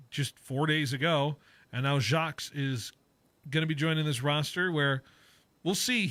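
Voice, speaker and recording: A male sports radio host with a bright, fairly high voice, talking in a loose, rambling way full of fillers and restarts. He jokes with his co-host, and the dry studio sound keeps his voice close and clear. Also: dry recording. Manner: rambling, lots of fillers and self-corrections. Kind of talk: casual sports talk radio.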